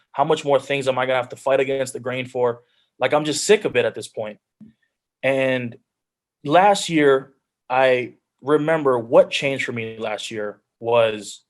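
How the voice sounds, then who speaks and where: Earnest young man telling his story. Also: mid-range voice. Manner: earnest storytelling, drops into quoted self-talk. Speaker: guest speaker, pro football player. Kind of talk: telling his life story on a video call. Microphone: video call.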